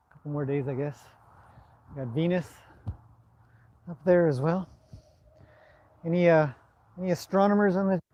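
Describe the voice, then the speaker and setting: A man with a Canadian accent, hosting a casual live stream and reading out viewer comments in a relaxed, rambling way. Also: fairly high pitch, dry recording, highs cut off. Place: outdoors at a stable in the evening.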